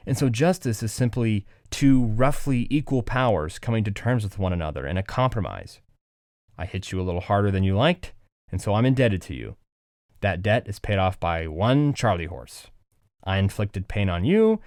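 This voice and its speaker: A man hosting a podcast, explaining philosophy in an animated, conversational way and acting out little voices. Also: fairly low pitch, no echo, studio quality. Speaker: podcast host.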